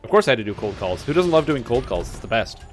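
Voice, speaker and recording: A man's voice: medium pitch, big pitch swings, fast talker, faint music behind. A young man streaming a game, chatting casually and rambling through stories. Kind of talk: casual chat while gaming. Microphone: webcam-streaming setup.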